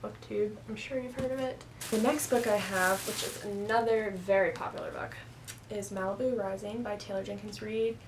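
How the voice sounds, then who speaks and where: Speaking in a mid-range voice with fairly even intonation and normal speed, a young woman films a casual book haul vlog at home on a stand-mounted camera, with background noise audible. She rambles along chattily, leaning heavily on "like."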